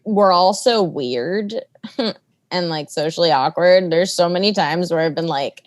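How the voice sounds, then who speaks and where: Lower-voiced woman, candid podcast guest. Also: animated, moderate pace. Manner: candid, self-deprecating. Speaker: comedian guest. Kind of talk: casual podcast chat.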